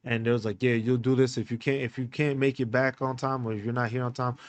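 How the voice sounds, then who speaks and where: A man hosting a podcast, telling a personal story in a candid, halting way with many fillers and restarts. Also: medium pitch, level tone, no echo. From United States. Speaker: podcast host.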